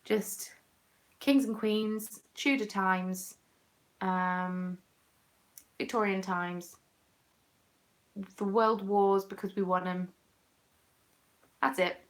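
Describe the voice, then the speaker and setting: A woman's voice: mid-range voice, fairly even intonation, drawn-out words, pauses often. Chatty Southern English woman. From southern England. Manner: chatty and self-mocking, answers viewers' comments aloud. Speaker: craft vlogger. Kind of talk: casual chat while knitting.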